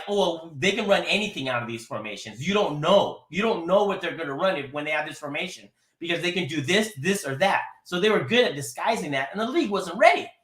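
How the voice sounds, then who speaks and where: A man calling in to a sports show, rambling and animated, often laughing as he talks. His voice is high and bright, and it rings in an echoey room. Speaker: caller. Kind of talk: casual sports talk.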